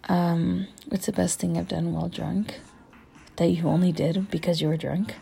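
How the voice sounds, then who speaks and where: A young adult woman telling a casual, animated story as a vlogger, full of "like" fillers and swearing. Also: fairly low pitch, moderate pace, creaky, breathy edge, rough recording. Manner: chatty, heavy on "like" fillers and swearing; animated, acts out quoted voices. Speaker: vlogger answering viewer questions.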